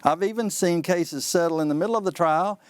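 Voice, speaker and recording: Folksy lawyer, dry close sound. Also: male voice, sits high, fairly quick, dry recording. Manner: folksy, animated, acts out courtroom exchanges. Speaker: trial lawyer. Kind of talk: explaining on a call-in advice show.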